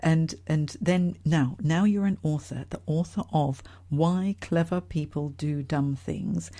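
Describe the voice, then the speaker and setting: A woman hosting a podcast interview, asking questions in a lively, enthusiastic way. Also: low voice, slow pace. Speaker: podcast host, career coach.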